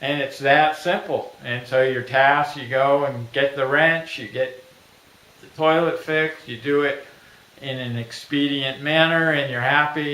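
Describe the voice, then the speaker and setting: A middle-aged man pitching his own invention in a plain, folksy way, acting out little everyday scenes. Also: pushed and bright. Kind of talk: product pitch video. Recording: echoey room.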